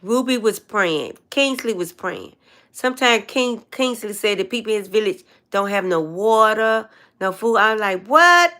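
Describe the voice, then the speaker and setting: A woman's voice: mid-range voice, normal speed, a bit bright. An older woman hosting a casual livestream chat, telling long meandering stories and greeting viewers. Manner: rambling, meandering storyteller. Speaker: livestream host.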